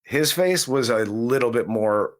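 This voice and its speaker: A man's voice: mid-range voice, expressive, measured pace. A man co-hosting a movie review chat, rambling and talking about the film as if he were its hero. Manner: rambling, speaks in character as the film's hero in first person. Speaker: movie review podcast co-host. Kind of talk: casual chat.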